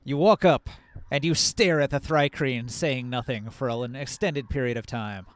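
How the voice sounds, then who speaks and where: A man narrating a tabletop game as game master, relaxed and descriptive. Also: medium pitch, normal speed, dry recording.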